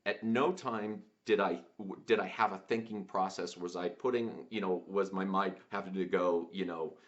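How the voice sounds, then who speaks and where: Deep-voiced man telling a story. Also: steady tone, fairly bright tone. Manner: halting, many fillers and restarts. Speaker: podcast host. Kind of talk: reflective personal storytelling. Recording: dull lo-fi sound.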